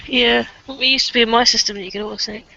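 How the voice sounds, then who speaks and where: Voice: mid-range voice, steady tone, rapid-fire, gravelly, bright, forceful tone. A player in a tabletop role-playing game, talking casually and hesitantly, with frequent ums. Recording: dry, dull lo-fi recording.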